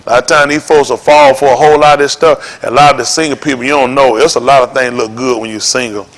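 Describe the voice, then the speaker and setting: A man's voice: mid-range voice, fairly even intonation, fast talker. Folksy preacher man, joking and preaching. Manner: folksy, joking, rising to shouts. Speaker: congregation leader. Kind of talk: informal sermon to a congregation.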